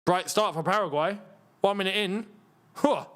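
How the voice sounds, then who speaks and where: A man hosting a live football watchalong, chatty and rambling, with excitable bursts at the match action. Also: high-pitched, normal speed. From England. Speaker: football channel host.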